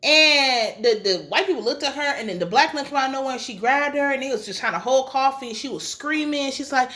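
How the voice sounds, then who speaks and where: A woman recapping a TV episode in a casual, slangy, chatty way, getting animated and emotional as she retells scenes. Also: on the high side, a little fast, few pauses. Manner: casual slangy speech with swearing. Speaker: TV recap reviewer.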